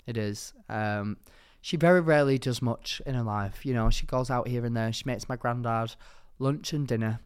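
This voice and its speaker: Young man, podcast co-host, smooth clear voice, rambling comic storyteller. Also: mid-range voice, normal speed, few pauses. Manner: rambling, jokey storyteller, jumps between topics. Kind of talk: casual comedic chat.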